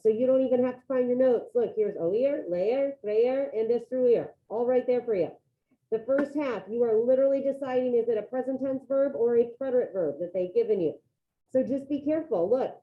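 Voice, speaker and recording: Woman teacher on a tinny call. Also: fairly high pitch. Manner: brisk, step-by-step instructions, coaxing. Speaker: Spanish teacher. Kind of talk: teaching a class over video call. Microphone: video call. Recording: tinny phone-like video call audio.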